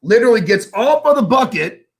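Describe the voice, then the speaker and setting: A man telling a story in a casual show conversation, animated, acting out the voices of the people in it. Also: very high-pitched, a little fast. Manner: animated, acts out voices in anecdotes, casual swearing. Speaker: guest storyteller.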